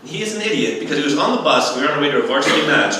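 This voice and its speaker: A young man doing a stand-up comedy set, telling animated stories and acting out other people's voices. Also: on the high side, rapid-fire, far from the mic, slight background noise. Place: comedy club stage. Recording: echoey room heard from afar.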